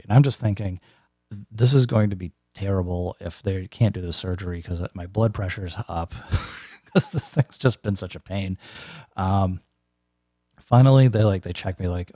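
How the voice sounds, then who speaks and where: A man's voice: deep voice, normal speed, mellow, dry recording. A man in his thirties or forties casually recounting a recent surgery in a vlog, rambling with plenty of fillers and restarts. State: recovering from nose and throat surgery. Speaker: YouTuber giving a personal update.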